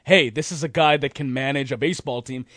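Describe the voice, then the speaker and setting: A man with a New England accent hosting sports talk radio, telling animated stories and mimicking the people he quotes. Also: medium pitch, quick pace, no room sound, clean studio sound. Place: radio studio. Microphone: studio microphone.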